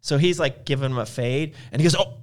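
In a casual chat, a man with a medium-pitched voice speaks quickly, spinning long, meandering anecdotes. He acts out each person he quotes.

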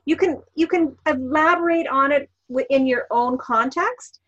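A woman coach explaining parenting techniques calmly on a podcast, giving examples as she goes. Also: high voice, a little slow, lo-fi sound. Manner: calm, explanatory, gives examples. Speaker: NLP coach guest. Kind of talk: podcast interview.

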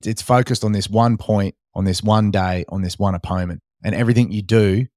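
Man, Australian accent, podcast host, lowish voice, dry close sound. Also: steady tone, brisk, a little mellow, dry recording. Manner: reflective, talks in short listed phrases with frequent "you know". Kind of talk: casual interview chat.

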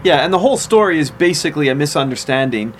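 A man's voice: fairly high pitch, animated, fast, a little hiss or hum. A man co-hosting a podcast, chatting casually and wryly about a story. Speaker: podcast co-host. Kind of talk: casual chat.

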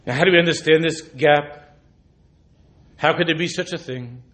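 A man's voice: a little high, normal speed. A man, a rabbi, giving a Torah lecture who mixes Hebrew and Yiddish terms into his English and presses his listeners with rhetorical questions. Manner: drops to a hushed, intimate voice when retelling a story. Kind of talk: sermon.

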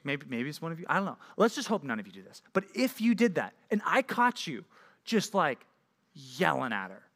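A young man preaching a youth sermon, energetic and jokey, often checking in with "right?". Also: fairly high pitch, brisk. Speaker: youth pastor.

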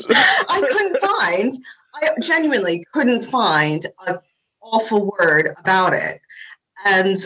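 Taking it slowly with a very animated, mid-range voice, an American interior design blogger in her forties chats casually as a podcast guest, laughing often at herself. Background noise is audible.

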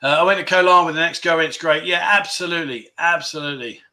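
A man's voice: on the high side, fast, bright, forceful tone. A man hosting a casual livestream, reading viewer comments aloud and chatting with enthusiasm, often repeating words for emphasis. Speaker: livestream host.

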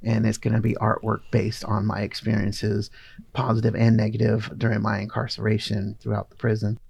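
A man's voice: fairly low pitch, completely flat delivery, fairly quick, gravelly, darkish tone, breathy edge, dry recording. A middle-aged man telling his own story in a casual, earnest way, laughing now and then. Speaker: guest artist.

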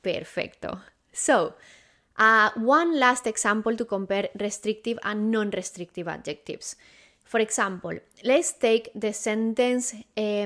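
A woman's voice: medium pitch, measured pace, a bit bright. A woman, a teacher, giving a patient, methodical grammar lesson in English and correcting herself now and then. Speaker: Spanish teacher.

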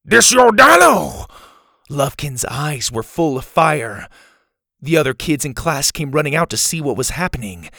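A man's voice: mid-range voice, expressive, moderate pace, a bit bright, dry recording, studio quality. A man narrating a children's story and thanking listeners as host of the show.

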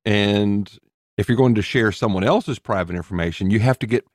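A man's voice: on the low side, normal speed, no echo, studio quality. A man co-hosting a podcast in casual, jokey chat, laughing often. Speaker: podcast co-host.

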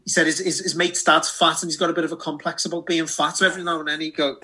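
A man, telling a sweary, animated story in a casual chat. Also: fairly high pitch, racing, breathy edge. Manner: animated, sweary, acts out voices in anecdotes. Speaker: podcast co-host.

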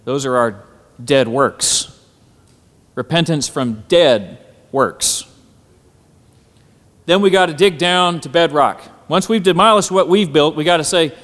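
A man preaching a sermon at a symposium, often pausing on "Amen" and building to emphatic, climbing phrases. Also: fairly high pitch, lively intonation, a bit bright. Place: hall at a symposium. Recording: echoey hall.

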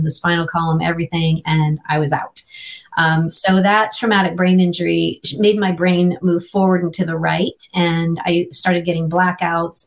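Earnest middle-aged woman telling her story. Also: on the low side. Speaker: interview guest. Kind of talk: personal faith testimony.

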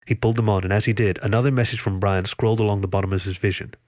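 A man narrates a thriller story in a low voice, steady and even. The sound is dry and close, with no room around it. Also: racing, dry recording. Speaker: audiobook reader.

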